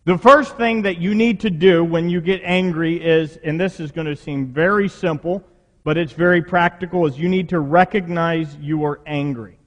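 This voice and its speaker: A man's voice: on the high side, moderate pace. A man preaching a sermon, talking conversationally with rhetorical questions to his congregation in a church. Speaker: pastor. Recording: long reverb of a hall.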